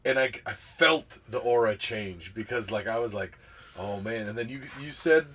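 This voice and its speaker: A man's voice: lowish voice, expressive, normal speed, sharp tone. A man co-hosting a podcast, telling a rambling workplace story in casual chat and quoting what people said. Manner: rambling, retells scenes with quoted voices. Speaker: podcast co-host.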